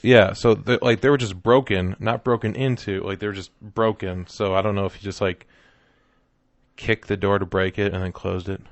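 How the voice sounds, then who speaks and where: A man's voice: on the low side, fairly even intonation, moderate pace, no echo. A man co-hosting a comedy podcast, chatting casually, joking and acting out quotes. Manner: joking, acts out quotes, laughs often. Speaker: podcast co-host.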